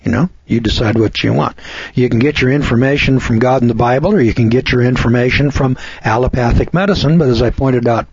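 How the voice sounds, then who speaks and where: A man's voice: mid-range voice, brisk, a little mellow, breathy edge, no room sound. An older man hosting a radio show, giving folksy, preachy commentary and stretching key words for emphasis. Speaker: radio host. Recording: dull lo-fi radio sound.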